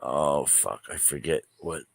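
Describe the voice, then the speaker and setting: A man's voice: very deep voice, unhurried, creaky, heavy background noise. A man tossing in short, blunt remarks and swearing in casual banter.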